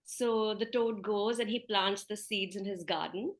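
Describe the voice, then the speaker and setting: A woman meditation teacher giving a spiritual talk, telling a story in a gentle, conversational way. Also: mid-range voice, a little slow.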